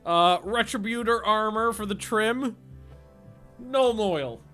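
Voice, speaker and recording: A male streamer chats loosely from home while playing a game, with rambling, profane and excitable talk. His voice sits a touch high for a man. Faint music plays underneath. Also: takes it slowly. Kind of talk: casual chat while livestreaming a game.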